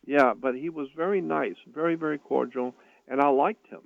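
Older man with a gravelly voice on a phone line. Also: a little high. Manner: earnest, halting, repeats words. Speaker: guest recounting a personal experience. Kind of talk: storytelling interview. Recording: tinny phone line, dry.

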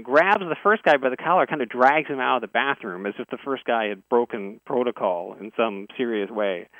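Over a tinny, dry phone line, a male guest earnestly tells a detailed personal story in a conversational way. His voice is medium-pitched, with no echo.

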